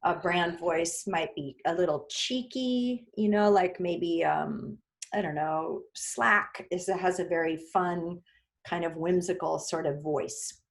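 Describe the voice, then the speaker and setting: A woman's voice: on the low side, slow pace, vocal fry. A woman speaker answering questions as a hiring manager, patiently laying out simple rules in a teacherly way. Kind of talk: explanatory Q&A answers.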